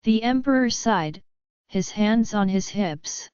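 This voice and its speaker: A woman narrating a fantasy audiobook in a steady, measured way. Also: mid-range voice, smooth, no room sound, dull audio.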